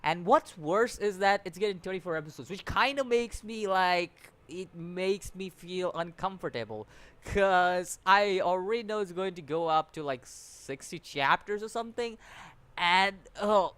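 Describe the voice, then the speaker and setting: A man's voice: high-pitched, unhurried, fairly bright tone, clear, resonant tone, no room sound. A man giving a casual, rambling review, often restarting his sentences and sounding exasperated. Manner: rambling, repeats words, many restarts and fillers; exasperated, complaining. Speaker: anime reviewer.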